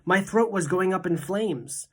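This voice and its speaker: Teacher narrator, female, deep-pitched, steady expressive storybook reading. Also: measured pace.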